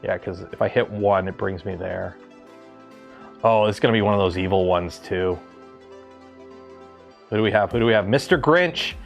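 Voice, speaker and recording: A man's voice: fairly low pitch, moderate pace, creaky, pauses often, faint music behind. A man from Canada hosting a livestream, talking casually and rambling with lots of ums and restarts. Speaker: livestream host.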